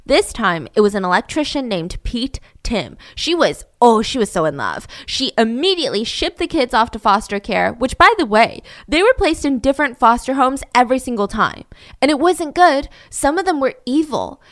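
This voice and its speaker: A young woman recounts a true-crime story in a casual, chatty way, with wry, sarcastic asides along the way. Her voice sits fairly high for a woman. The recording is close and dry, with no room sound. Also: big pitch swings, normal speed, no echo.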